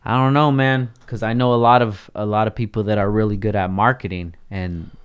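A man hosting a casual chat about music, relaxed and agreeable, with casual slang. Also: on the low side, fairly quick, smooth.

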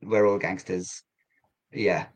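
A man speaking as an interview guest, explaining events in a measured, halting way with frequent fillers and restarts. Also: sits low, steady tone, rough recording. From England. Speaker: guest, community coordinator. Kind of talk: conversational interview.

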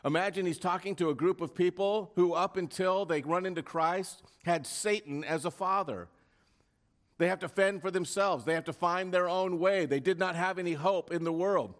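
A male pastor preaching a sermon in an emphatic style, posing rhetorical questions and at times dropping his voice to a hush. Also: high-pitched, moderate pace.

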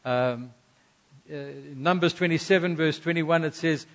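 A middle-aged man preaching from the pulpit, his voice sitting a little higher than most men's. He tells his story earnestly and pushes certain phrases out with sudden emphasis. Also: measured pace. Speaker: pastor. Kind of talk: sermon.

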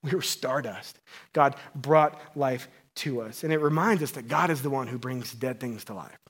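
A man's voice: mid-range voice, normal speed, slightly rough. Conversational male pastor preaching. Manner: conversational and playful, with swings between loud emphasis and hushed tones. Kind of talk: sermon.

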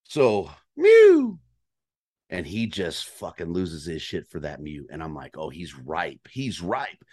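A man telling a hunting story in casual chat, animated and profane, acting out calls and his own reactions. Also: rumbling low, a little slow, breathy edge. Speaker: guest storyteller on a hunting podcast.

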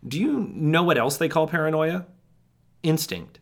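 A man's voice: fairly high pitch, animated, measured pace, gravelly. A man playing a jittery, paranoid young man, rambling with wry asides to the listener in a monologue. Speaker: first-person narrator. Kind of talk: monologue storytelling.

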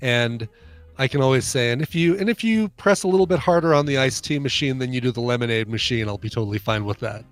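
A man's voice: mid-range voice, fast. A man co-hosting a podcast in casual chat, stuffy and congested, rambling with fillers. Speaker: podcast co-host.

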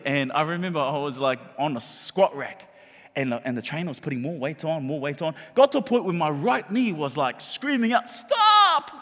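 A man preaching a sermon in a church hall, animated and jokey, often repeating his words. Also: on the high side. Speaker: pastor. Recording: long hall reverb.

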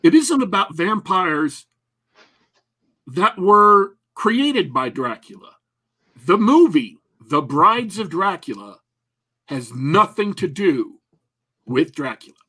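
A man's voice: high voice, very animated, takes it slowly, pauses often, sharp tone, husky. A man co-hosting a casual talk show, rambling and joking with many restarts. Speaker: podcast co-host. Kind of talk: casual chat.

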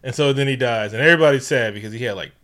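A man's voice: mid-range voice, racing, fairly bright tone. A man co-hosting a podcast, casually recapping a movie in a loose, profane, joking way. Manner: loose, profane, laughing storyteller. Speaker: podcast co-host.

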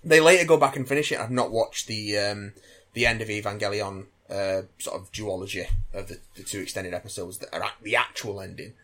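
A man's voice: on the low side, fairly quick, fairly bright tone. A man in casual podcast chat as co-host, hesitant with fillers and casual swearing.

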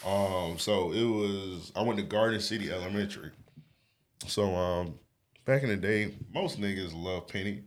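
A young man co-hosting a podcast, telling a childhood story in casual slangy talk, often laughing and getting animated. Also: low voice, normal speed. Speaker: podcast co-host.

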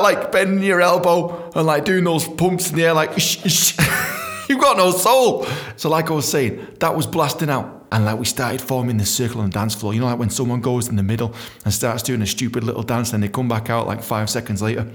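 A man's voice: medium pitch, expressive, a little fast, fairly bright tone. A man hosting a podcast, casually telling stories and reading from his book, swearing freely and acting out other people's voices. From England. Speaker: podcast host.

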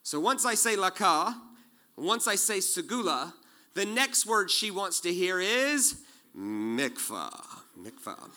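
A man in his forties preaching a sermon, animated and joking, acting out quotes as he tells stories. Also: sits high, takes it slowly. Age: 40s. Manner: animated storytelling with jokes and acted-out quotes. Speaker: pastor.

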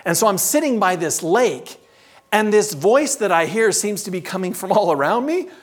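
A man preaches through a personal story in front of a live audience. His delivery is animated and humorous, and his pitch swings widely as he builds scenes. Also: normal speed. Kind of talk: sermon storytelling.

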